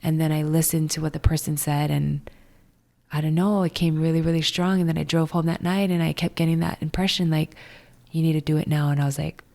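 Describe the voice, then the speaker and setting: A woman in her thirties from Hawaii, telling her story as a guest, animated and full of "like". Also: a little fast, vocal fry. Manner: animated, acts out quoted voices with high jumps; many fillers of "like". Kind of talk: casual storytelling interview.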